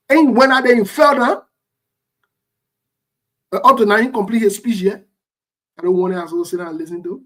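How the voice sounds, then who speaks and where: A man with a Liberian English accent, co-hosting a talk show and giving heated political commentary in a forceful, repetitive, defiant way. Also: high-pitched. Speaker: co-host.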